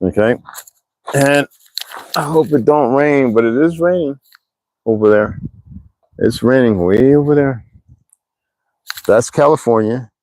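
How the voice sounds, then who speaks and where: A man's voice: mid-range voice, measured pace, long pauses, a little mellow, no room sound, low-quality recording. A man in his sixties hosting a casual livestream, rambling and chatting directly to his viewers with frequent laughs. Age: 60s. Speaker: livestream host.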